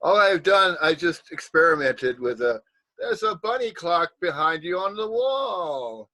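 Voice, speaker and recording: Rozgadany mężczyzna o jasnym, wysokim głosie. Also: male voice, a little high, sing-song, unhurried, bright, forceful tone. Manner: rambling, laughs often, playful teasing. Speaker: host of a nondualism talk stream. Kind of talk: casual chat on a video call.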